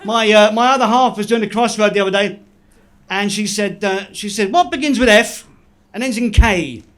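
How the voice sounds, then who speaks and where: A man doing deadpan stand-up one-liners on a comedy club stage. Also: sits high. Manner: deadpan joke delivery with quick self-laughs.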